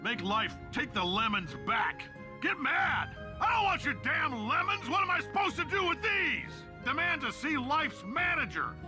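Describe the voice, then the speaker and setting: A man doing an impression of a brash, bombastic tycoon who rants and shouts angrily at life. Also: very high voice, sing-song, a little slow, music in the background, voice pushed up, full character voice. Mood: ranting. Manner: ranting, shouting bluster.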